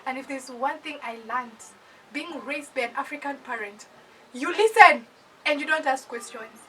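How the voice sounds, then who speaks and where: A young woman from Kenya with a Kenyan accent, telling a personal story in an animated, casual storytime voice that mixes English with Swahili slang. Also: sits high, normal speed, distant mic, slight background noise, low-quality recording.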